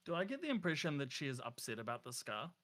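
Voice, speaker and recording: A man's voice: a little high, huge pitch swings, fast talker, fairly bright tone. A man with a New Zealand accent, playing a tabletop game and chatting casually. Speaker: player.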